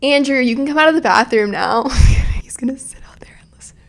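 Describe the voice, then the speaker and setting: A woman's voice: high voice, a little fast, gravelly. A young woman in her early twenties hosting a casual storytelling podcast, talking in a chatty, profane way. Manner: chatty and profane, retelling a night out. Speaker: podcast host.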